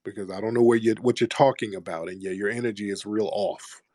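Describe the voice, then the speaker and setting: A man's voice: lowish voice, fairly even intonation, quick pace, darkish tone, no echo, clean studio sound. A man hosting a live call-in show, talking in a blunt, preachy, confrontational way. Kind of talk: heated casual talk.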